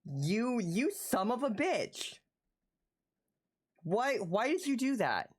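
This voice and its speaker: A woman chatting casually with her viewers on a live stream, excitable and full of swearing, who repeats the same phrase again and again. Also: fairly high pitch, slow.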